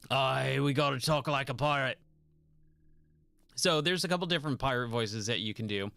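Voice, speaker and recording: An enthusiastic man streaming a game late at night, rambling casually between the action. His voice sits at an average pitch, and his commentary is peppered with laughs and excited praise. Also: measured pace, gravelly, pauses often, dry recording. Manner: enthusiastic, chatty, laughs often.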